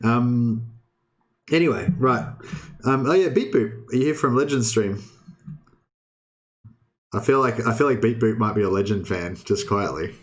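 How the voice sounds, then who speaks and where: A man's voice: mid-range voice, a little slow, pauses often. A young man streaming, chatting casually with his viewers in a rambling way, often restarting sentences and swearing. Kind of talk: casual livestream chat.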